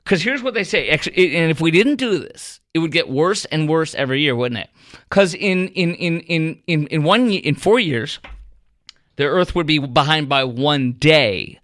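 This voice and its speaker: A man hosting a talk radio show, chatting in a rambling, animated way and quizzing his producer. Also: fairly high pitch, moderate pace, no echo, clean studio sound. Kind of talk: casual talk radio monologue. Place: radio studio.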